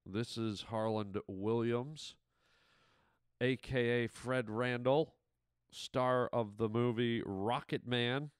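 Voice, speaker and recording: Smooth-voiced man telling a playful story. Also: mid-range voice, steady tone, slow, dry recording, clean studio sound. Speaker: actor and comedian. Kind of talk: casual recorded message.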